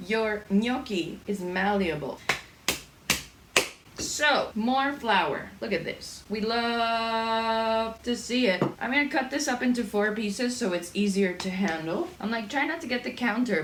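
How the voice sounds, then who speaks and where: A woman's voice: medium pitch, a bit bright, roomy sound, a little hiss or hum. A young woman chatting casually and swearing freely while she cooks in her home kitchen, rambling between stories. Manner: chatty, profane, rambling storyteller. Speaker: cooking vlogger. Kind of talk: casual cooking chat.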